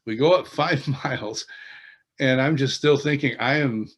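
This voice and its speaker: A man interviewed as an author, telling a personal faith testimony in an earnest, halting way that often restarts sentences. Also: medium pitch, a bit bright. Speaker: interviewed author and worship leader.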